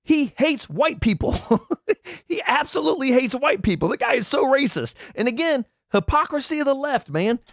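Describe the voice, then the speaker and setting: A man's voice: very high voice, lively intonation, normal speed, a bit bright, no echo, studio quality. A man hosting an angry political commentary, reading out items and mocking them with indignant rants. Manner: indignant ranting, reads out items and mocks them. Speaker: commentary channel host.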